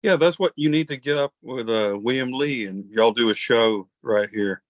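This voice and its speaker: A man's voice: mid-range voice, normal speed, dry recording. A man hosting an interview, chatting in a rambling, folksy, self-deprecating way. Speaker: host. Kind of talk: casual interview chat.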